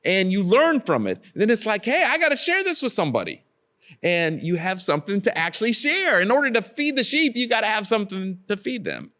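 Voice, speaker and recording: A man delivers a relaxed devotional sermon straight to the listener. He is earnest and presses his points by repeating them. His voice sits at an ordinary middle pitch. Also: vocal fry. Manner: earnest, repetitive exhortations to the listener. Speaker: preacher.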